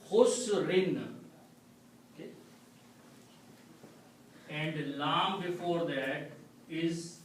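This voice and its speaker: A man teaching a classroom lesson, with a slightly higher voice and a slow, deliberate pace. He explains step by step and keeps checking in with his students. He is recorded from a distance in a very echoey room with faint noise behind him. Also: a bit bright. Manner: slow, explanatory, repeats "okay?" to check understanding. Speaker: Quran Arabic teacher. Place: mosque classroom.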